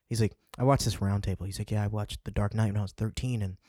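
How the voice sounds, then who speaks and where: A man's voice: on the low side, fairly even intonation, fast talker, dark tone, a little hiss or hum. A man in his twenties co-hosting a podcast, chatting in a loose, rambling way with plenty of swearing. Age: 20s. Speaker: podcast co-host. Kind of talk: casual chat. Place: indoors by a window.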